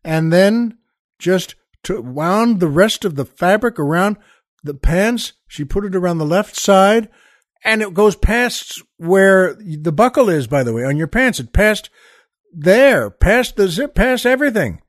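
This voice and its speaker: A man with a fairly high voice spins a backstage story in lively comic fashion. He drops quiet and then swells for punchlines, and the sound is close and dry with no room around it. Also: a little slow, no room sound. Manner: animated, acts out quoted voices, shifts between hushed and loud. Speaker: comedian telling a backstage story. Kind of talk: storytelling anecdote.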